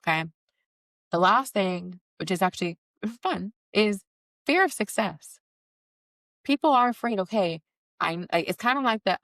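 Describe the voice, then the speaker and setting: A woman's voice: mid-range voice, expressive, measured pace, long pauses, fairly bright tone, no room sound, low-quality recording. A woman hosting a casual solo podcast as a career coach, chatty and encouraging with lots of "like" and "okay.".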